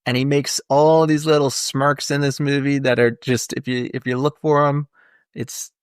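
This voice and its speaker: A man's voice: medium pitch, little pitch movement, normal speed, clean tone, no room sound, studio quality. A man co-hosting a podcast, chatting casually and animatedly about a film and laughing as he retells scenes. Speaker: podcast co-host. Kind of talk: casual movie review chat.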